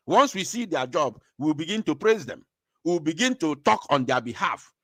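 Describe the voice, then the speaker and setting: A man's voice: sits high, lively intonation, moderate pace, a bit bright, no echo, studio quality. A man with an Igbo-accented Nigerian English voice giving impassioned commentary as a show host, angry and repeating phrases for emphasis.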